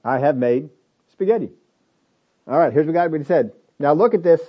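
A man's voice: a little high, expressive, normal speed, slightly rough, highs cut off. A man preaching a sermon, emphatic and repetitive, asking rhetorical questions of his listeners.

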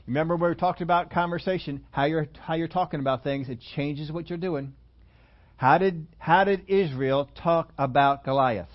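A man with a slightly high voice delivers a sermon. He tells the scripture story with animation and slips into the characters' voices as he goes. The recording sounds dull and lo-fi. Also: normal speed. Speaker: preacher.

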